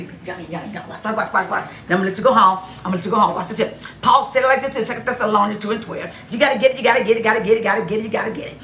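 A woman's voice: medium pitch, bright, forceful tone, a little hiss or hum. A woman pastor preaching an exuberant sermon, laughing often and repeating her phrases over and over. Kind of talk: lively sermon. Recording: echoey room, off mic.

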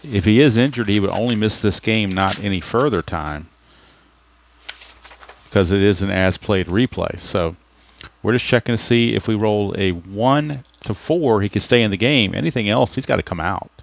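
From a home computer setup, a man with a gravelly, fairly low voice calls a tabletop baseball replay at a moderate pace. He explains the ratings and dice rolls as he goes and reasons out the rules aloud. A slight hiss or hum sits under the recording.

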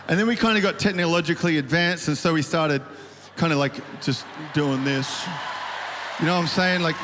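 A man's voice: on the high side, a bit bright, a little hiss or hum. Rambling man talking in a big hall. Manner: rambling, self-deprecating, many fillers and restarts. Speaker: worship leader speaking at a conference. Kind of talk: casual conference talk with storytelling. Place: large auditorium stage. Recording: reverberant hall, faint ambience.

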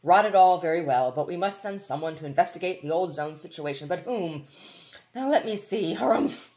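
A woman's voice: on the low side, lively intonation, normal speed, warm tone, lightly acted. A woman voicing a hearty, blustering middle-aged army general who barks out oaths in a storybook reading. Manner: bluff, barking exclamations.

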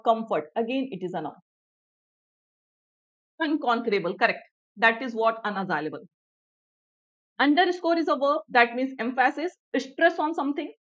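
In a muffled recording, a high-pitched woman with an Indian English accent runs an online vocabulary class. She says every definition twice, explains things in Hindi, and keeps asking viewers "clear everyone?"

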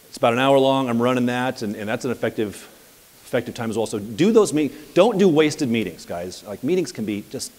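A man coaching at a live seminar, telling anecdotes in an energetic, conversational way. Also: medium pitch, long reverb tail. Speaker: property management business coach. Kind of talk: live seminar talk with audience questions.

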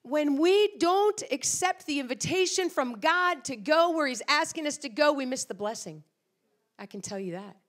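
A middle-aged woman preaching with a fairly high, very animated voice. She tells her stories in a storytelling manner and acts out the quotes as she goes. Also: normal speed, hardly any pauses. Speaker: guest speaker. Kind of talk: sermon.

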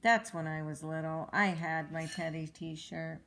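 A woman's voice: low voice, fairly even intonation, a little slow, a bit bright. A woman voicing a sensitive, stubborn young boy in a storybook reading, with a whiny, emphatic manner. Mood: wistful.

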